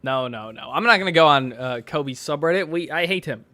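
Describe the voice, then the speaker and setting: A man's voice: fairly high pitch, lively intonation, brisk, pushed and bright. A man streaming from his bedroom, reacting to posts with sarcastic, mocking commentary and frequent laughter.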